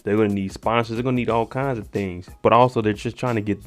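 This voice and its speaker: A man's voice: lowish voice, steady tone, quick pace, soft background music. A man giving a casual, joking recap of a TV episode, talking slangy and aside to the viewer. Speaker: TV recap host.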